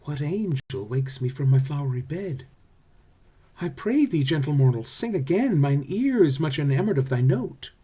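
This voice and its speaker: A man's voice: fairly high pitch, lively intonation, moderate pace, mellow, husky, pitched above the performer's own voice. A man voicing a graceful, enchanted fairy queen in a comic stage reading, with a lilting, poetic delivery.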